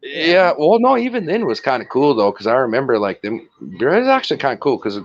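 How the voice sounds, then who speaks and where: A man's voice: medium pitch, wildly swooping pitch, fairly quick, highs cut off. A man telling a long rambling story in casual chat, swearing and laughing often.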